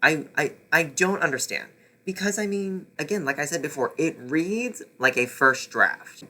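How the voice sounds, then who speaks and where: A man's voice: mid-range voice, bright, forceful tone. A man ranting sarcastically through a casual book review vlog, exasperated and swearing.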